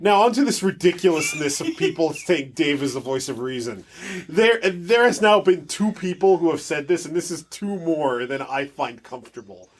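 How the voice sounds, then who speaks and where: A man's voice: on the high side, animated, normal speed, hardly any pauses. Soothing-voiced joking podcast co-host man. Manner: joking, mock-outraged, laughs often. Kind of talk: casual podcast chat.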